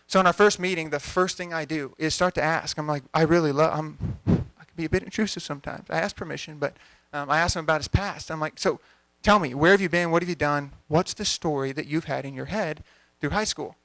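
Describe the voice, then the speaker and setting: A young male coach tells a story to a live audience at an event venue, animated, energetic and conversational, acting out the dialogue. His voice is a little high and brisk, recorded with no room sound.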